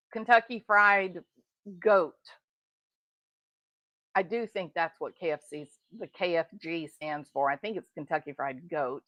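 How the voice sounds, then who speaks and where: A woman's voice: on the low side, fairly bright tone, dry recording, poor audio. A middle-aged woman giving indignant, emphatic true crime reaction commentary. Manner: indignant, emphatic, talks straight to the subject. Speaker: commentary host.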